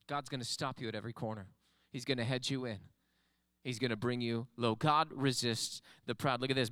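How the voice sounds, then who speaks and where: Bright, crisp-voiced male pastor preaching. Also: medium pitch, steady tone, moderate pace, no echo. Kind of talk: sermon. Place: church sanctuary with congregation.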